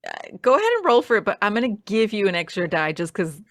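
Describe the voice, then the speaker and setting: A woman running a tabletop role-playing game, narrating in an animated way with frequent fillers and easy laughter. Her pitch moves a lot, and the recording is close and dry. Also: quick pace, dry recording. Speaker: game master.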